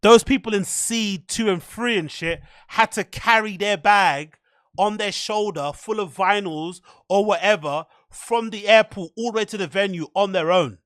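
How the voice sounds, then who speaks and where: A man hosting a podcast, rambling in mocking, profane, animated commentary. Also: sits high, normal speed, dry recording, clean studio sound. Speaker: podcast host.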